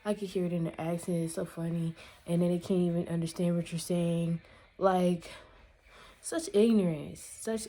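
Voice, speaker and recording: A woman's voice: mid-range voice, a little mellow. A woman vlogger in a casual rant to camera, exasperated and emphatic, lecturing her viewers.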